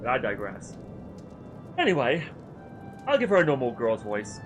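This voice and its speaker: A man streaming a video game, chatting in an animated, rambling, self-deprecating way. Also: medium pitch, moderate pace, music in the background. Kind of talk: casual chat while livestreaming a game.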